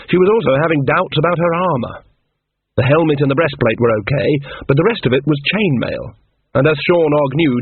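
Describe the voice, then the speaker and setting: Breathy man narrating a novel, tinny line. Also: mid-range voice, dry recording. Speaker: audiobook narrator. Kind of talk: scripted narration. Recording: tinny phone-like, dry.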